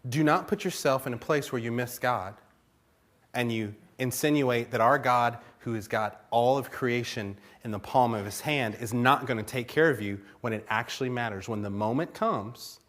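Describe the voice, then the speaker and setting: A man's voice: mid-range voice, moderate pace. A male pastor preaching in church, telling stories with lots of laughter and acting out little conversations. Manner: animated storytelling, laughs often, acts out conversations. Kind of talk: sermon.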